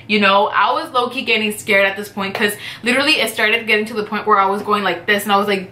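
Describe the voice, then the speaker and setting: A woman's voice: medium pitch, moderate pace, few pauses, bright, forceful tone, reverberant. A woman vlogger telling a personal story in a rambling, profane, casual way, filling her talk with "like". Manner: profane, rambling, heavy use of "like".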